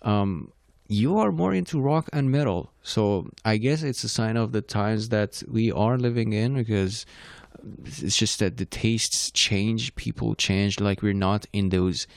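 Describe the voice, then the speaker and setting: Low-voiced man with a Persian accent. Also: a little slow, gravelly, no room sound, studio quality. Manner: rambling, self-correcting, conversational. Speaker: playlist host. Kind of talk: casual solo talk.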